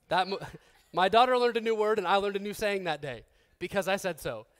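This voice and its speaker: High-voiced joking male pastor. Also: moderate pace, smooth. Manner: conversational and joking, with laughs and restarts; acts out quoted people in a softer, lower voice. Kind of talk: sermon.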